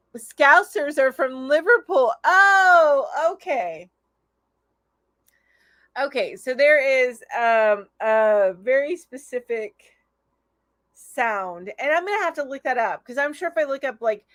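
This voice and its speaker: A woman's voice: high voice, fairly bright tone, dry recording. A woman hosting a casual live stream, chatty and enthusiastic, reading out viewer comments and laughing often. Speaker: host of a live crochet chat show.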